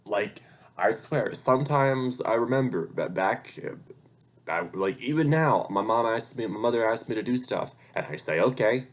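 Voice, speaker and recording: A man's voice: mid-range voice, lively intonation, moderate pace. A young man talking in a casual, rambling vlog update, swearing freely and getting heated when he vents. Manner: rambling and profane, gets heated when venting. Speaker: vlogger and hobby voice actor. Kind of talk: casual life-update rant.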